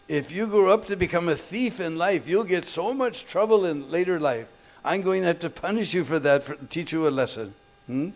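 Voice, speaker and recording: A man's voice: fairly high pitch, pitched above the performer's own voice. A man doing a chiding, loving mother. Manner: stern, chiding, then gentle. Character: scolding but loving mother Yasoda.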